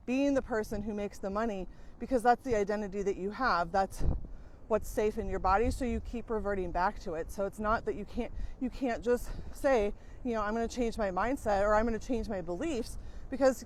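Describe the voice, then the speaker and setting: A woman's voice: mid-range voice, a little mellow. Frank, swearing woman life coach. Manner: frank, swears casually, many fillers. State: out of breath. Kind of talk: casual monologue to camera.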